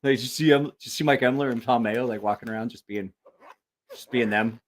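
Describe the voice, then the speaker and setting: A livestream host with a school-age kid tells a rambling, profane story packed with quoted voices during a casual stream. His voice is mid-range and his pace brisk.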